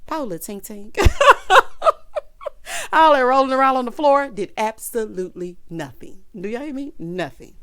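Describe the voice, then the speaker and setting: A woman talks through a TV episode in a relaxed recap, animated and sassy. She keeps turning to her viewers with chatty asides. Her voice sits in an ordinary middle pitch for a woman. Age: adult with a child. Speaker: TV recap reviewer.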